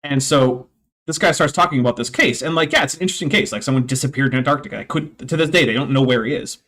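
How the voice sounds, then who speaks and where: A man's voice: medium pitch, fast talker, fairly bright tone. A man hosting a reaction stream, talking in a rambling, casual way with lots of fillers and sarcastic asides. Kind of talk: casual chat.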